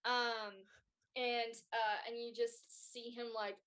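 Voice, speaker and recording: Slow, rambling woman game master. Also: a little high, flat delivery, fairly bright tone. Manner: rambling, lots of fillers. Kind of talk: narrating a tabletop game.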